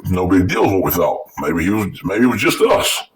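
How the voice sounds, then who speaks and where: Low, animated man telling a story. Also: a little fast, far from the mic, low-quality recording. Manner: rambling and profane, with many restarts. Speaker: vlogger telling a personal story. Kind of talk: casual storytelling.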